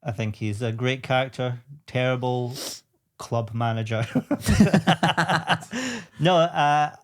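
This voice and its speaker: A man guesting on a comedy podcast, rambling through jokes in a deadpan way. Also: medium pitch, takes it slowly, clear, resonant tone. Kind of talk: casual comedy chat.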